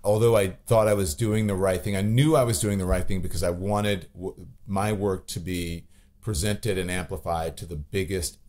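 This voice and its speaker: Podcast guest: deep-voiced man, candid, rambling storyteller with restarts. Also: steady tone, moderate pace, a little mellow. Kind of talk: podcast interview.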